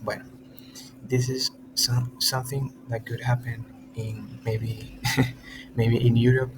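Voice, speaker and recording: A man from America, a tutor teaching an online lesson in halting English with many restarts. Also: medium pitch. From Latin America. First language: Spanish. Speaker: Spanish tutor. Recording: steady background noise.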